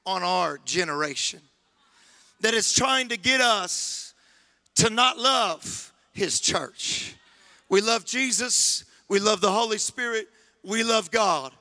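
High, bright-voiced preaching man. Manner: builds to impassioned shouting, repeats phrases. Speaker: guest pastor. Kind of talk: sermon. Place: church sanctuary.

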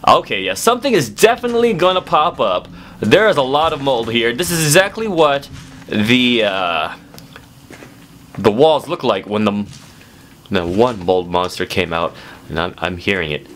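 A man's voice: mid-range voice, very animated, moderate pace, slight background noise. Jumpy man yelping through horror gameplay. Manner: talks to viewers, swings from muttering to yelping shouts. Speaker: let's play gamer. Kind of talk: horror game commentary.

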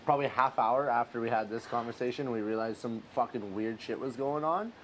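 A man's voice: mid-range voice, fairly quick, low-quality recording. A man in casual group chat, talking bluntly and swearing freely. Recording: loud chatter of others behind.

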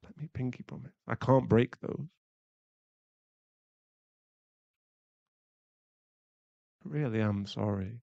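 A man's voice: medium pitch, a little fast, gravelly, darkish tone, no room sound, lo-fi sound, natural voice. A man voicing a young boyfriend who is hot-tempered but remorseful, in a whispered role-play, swearing and then murmuring apologies. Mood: tender.

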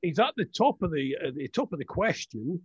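A man's voice: fairly high pitch, very animated, fairly quick, breathy edge, no echo, highs cut off. A man co-hosting a radio show, teasing his partner with mock-serious questions in casual banter. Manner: teasing, hesitant, full of restarts. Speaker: radio co-host.

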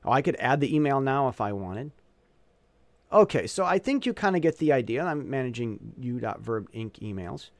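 A man's voice: medium pitch, animated, moderate pace, dry recording. Rambling man with dry close sound. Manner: rambling, self-correcting, thinking aloud. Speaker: tutorial presenter. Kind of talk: casual screen-recorded software walkthrough.

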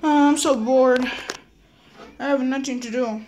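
A woman with a fairly high voice talks slowly and playfully into a phone or laptop microphone, wandering from thought to thought. She keeps repeating herself and tosses in frequent okays as she plays around with a camera app. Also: steady tone, a little mellow, a little hiss or hum. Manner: rambling, playful, repeats itself, often says okay. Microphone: phone or laptop mic.

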